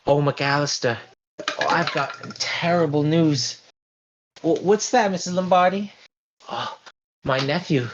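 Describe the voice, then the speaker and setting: A man's voice: on the high side, a little slow, long pauses, noisy background, pitched above the performer's own voice. A man doing a fluttery, dramatic lady dancer. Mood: worried. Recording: dull lo-fi stream audio.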